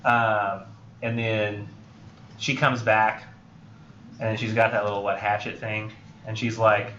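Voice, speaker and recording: A man's voice: on the low side, flat delivery, takes it slowly, fairly bright tone, slight background noise. A young man teaching a college writing class, talking loosely with many fillers and acting out film scenes to make his points. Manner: rambling, filler-heavy, acts out film scenes. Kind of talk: classroom lecture. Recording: roomy, dull lo-fi classroom recording.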